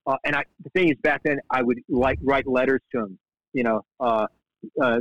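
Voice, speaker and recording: Middle-aged man, casual guest storyteller, animated, lots of restarts, dry close sound, slightly muffled. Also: medium pitch, a little fast, no room sound. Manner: animated, restarts often, quotes people in lively voices. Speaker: guest, shark fly fisherman.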